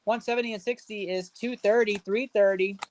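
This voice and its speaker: A woman's voice: medium pitch, fairly even intonation, brisk, a little mellow, slight background noise. A woman hosting a live stream, casually chatting with viewers and rattling off running number totals as she opens packs. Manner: rattles off running card value totals aloud; cheers and banters with chat viewers. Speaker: livestream host opening card packs.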